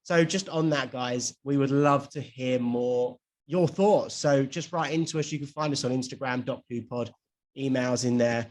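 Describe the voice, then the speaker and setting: A young man co-hosting a podcast in casual chat, chatty and quick to laugh, swearing now and then. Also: mid-range voice, a little mellow. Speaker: podcast co-host.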